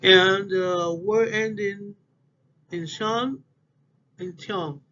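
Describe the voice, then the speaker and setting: A man with a fairly high voice gives a class presentation, speaking slowly and haltingly and repeating example words. The recording is dull and lo-fi, with a faint hiss of noise behind him. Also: fairly even intonation, pushed and bright. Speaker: student presenter. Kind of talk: class presentation on word stress.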